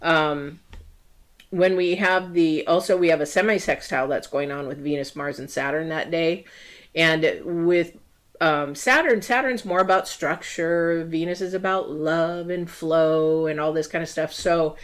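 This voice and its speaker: A woman reading tarot and astrology in a casual livestream, rambling with many pauses and filler words. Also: deep voice. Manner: rambling, many ums and restarts; acts out quoted voices in story asides.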